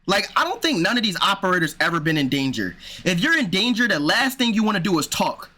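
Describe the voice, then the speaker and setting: A man's voice: sits high, very animated, quick pace, pushed and bright. A man streaming, reacting to a video with exasperated casual commentary, swearing and saying "bro" a lot.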